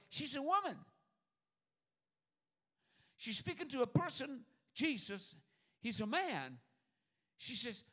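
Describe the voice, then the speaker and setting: A man's voice: very high voice, very animated, slow pace, pauses often. A man preaching a sermon, pressing his points with repetition and calling on the church. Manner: emphatic preaching, swings between loud calls and near-muttered asides.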